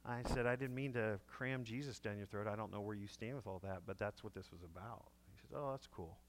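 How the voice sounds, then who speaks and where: Animated preacher in a hall. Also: male voice, fairly low pitch, brisk. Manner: animated storyteller acting out dialogue. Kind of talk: sermon storytelling. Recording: echoey hall with long reverb.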